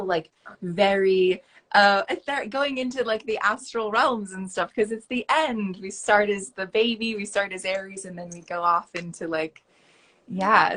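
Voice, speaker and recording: A woman's voice: medium pitch, fairly bright tone. A woman hosting a live stream, talking in a chatty, rambling way and laughing easily. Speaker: host. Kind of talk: casual chat. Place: home, on a live video stream.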